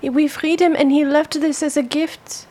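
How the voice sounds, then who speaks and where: High-voiced woman playing a formal character. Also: little pitch movement, moderate pace, darkish tone. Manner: formal, polite in-character speech. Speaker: player. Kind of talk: in-character tabletop role-play.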